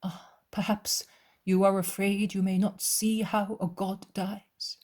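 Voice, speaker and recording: Woman as a calm loving Jesus, hushed, breathy, slow audiobook voice. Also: mid-range voice. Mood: coaxing. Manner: soft, hushed, tender speech. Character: gentle, compassionate male Jesus, calm and loving.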